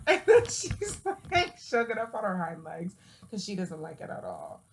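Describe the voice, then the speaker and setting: Woman vlogger, casual, laughs a lot, lively up-and-down delivery, a bit of fry. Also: mid-range voice, normal speed, slight background noise. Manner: laughing often, scolding her cat, swearing freely. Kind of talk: casual chat to camera.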